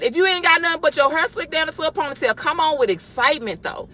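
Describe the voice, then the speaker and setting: Lively woman exhorting from her car. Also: high voice, fast. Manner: lively, exhorting, talks while driving. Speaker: church member giving a devotional. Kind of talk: casual spoken devotional.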